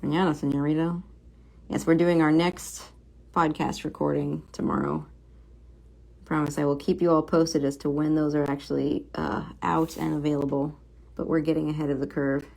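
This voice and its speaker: A young woman streaming as she draws comics, chatting casually, reading viewer comments aloud and muttering softly to herself as she works. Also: low voice, level tone, normal speed, vocal fry. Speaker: comic book artist streaming a drawing session. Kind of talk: casual livestream chat while drawing.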